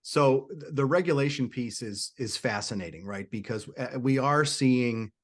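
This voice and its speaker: A man's voice: medium pitch, a bit bright. A man hosts a panel talk, thinking aloud with plenty of false starts and repeated words. He stays conversational and unsure while he passes along questions from viewers. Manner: hesitant, many restarts and repeated words. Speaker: host.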